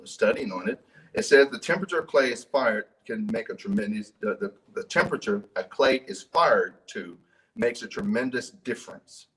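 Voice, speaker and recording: A man's voice: mid-range voice, far from the mic, poor audio. A man preaching a sermon in a church, talking conversationally, repeating and restarting his words, and asking the congregation questions. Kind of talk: sermon with scripture reading.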